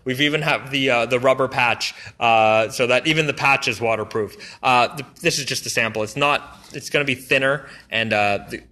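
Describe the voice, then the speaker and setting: Man, enthusiastic brand rep, bright forward voice, chatty live-stream product walkthrough with lots of fillers. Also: medium pitch, moderate pace, hardly any pauses. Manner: enthusiastic, rambling, many fillers and restarts. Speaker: brand representative showing new products. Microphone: phone or camera mic on a live stream.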